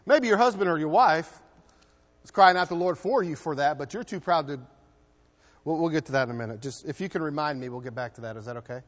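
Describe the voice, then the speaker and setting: A man with a high voice preaches in a church. His delivery is emphatic, shifting between loud passages and hushed ones, with frequent repeated words. A long reverb trails each phrase. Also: fast. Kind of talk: sermon.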